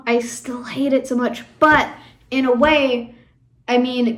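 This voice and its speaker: A young woman casually talking over a show as a YouTuber, rambling and emotional, with many fillers. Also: fairly high pitch. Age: young adult. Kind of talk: casual fan commentary. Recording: echoey room.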